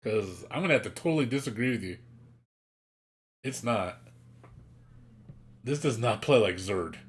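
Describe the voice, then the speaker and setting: A man's voice: mid-range voice, expressive, normal speed. Male streamer, casual exasperated rant, profane, mimics others mockingly. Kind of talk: casual chat.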